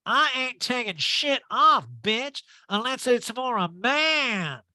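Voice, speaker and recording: A man voicing a brash, crude woman who brags loudly in a high, drawn-out mocking way. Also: animated, no echo, clean studio sound, full character voice.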